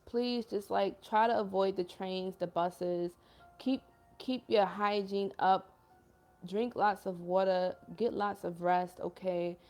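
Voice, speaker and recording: A young woman who calls herself a healer hosts a livestream, her mid-range voice carrying a darkish tone. She chats earnestly and emotionally, reading viewer comments aloud and dropping slang like "yo" and "y'all."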